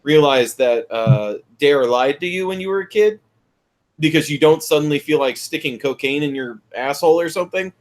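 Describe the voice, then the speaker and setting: A man's voice: on the high side, normal speed. A man co-hosting a podcast, talking bluntly and sarcastically with plenty of swearing. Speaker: podcast co-host. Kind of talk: casual podcast chat.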